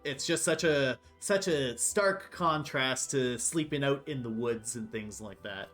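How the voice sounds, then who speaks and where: A man's voice: medium pitch, a little slow, a bit bright, faint music behind. A man running a tabletop role-playing game, describing scenes casually with many fillers. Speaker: game master.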